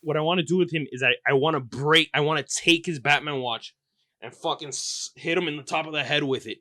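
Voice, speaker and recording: A man hosting his podcast, telling a comedic story in a profane, exaggerated rant that keeps bursting into loud outbursts. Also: a little high, brisk. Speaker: podcast host.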